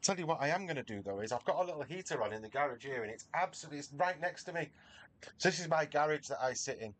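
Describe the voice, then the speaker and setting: He talks fast, with lively intonation and a fairly bright, fairly high-pitched voice. A middle-aged man from Manchester, he's livestreaming from his home garage, racing and chatting casually with viewers while making fun of himself.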